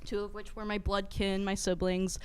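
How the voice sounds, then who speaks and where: A woman's voice: mid-range voice, level tone, moderate pace, darkish tone. A young woman film director chatting as an interview guest, bubbly and giggly, full of fillers. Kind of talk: casual interview chat.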